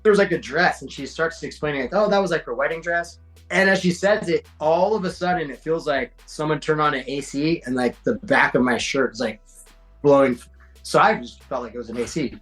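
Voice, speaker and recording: A man's voice: a little high, a little fast, fairly bright tone, soft background music, rough recording. A man in his forties, a podcast guest, telling stories in casual chat, slangy and swearing, acting out quotes. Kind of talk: casual storytelling.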